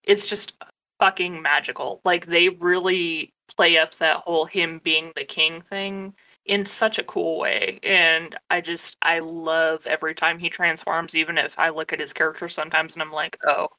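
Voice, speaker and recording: Bright-voiced emphatic young woman. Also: deep voice, flat delivery, normal speed. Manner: emphatic, swears casually, frequent laughter. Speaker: podcast co-host. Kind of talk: casual chat.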